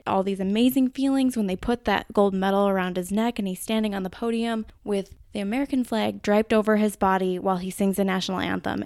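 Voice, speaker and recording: A woman's voice: medium pitch, creaky, a little mellow, clean tone, no echo, studio quality. A woman with a Minnesota accent hosting a podcast, explaining ideas in a chatty, casual way with the odd swear word. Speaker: podcast host.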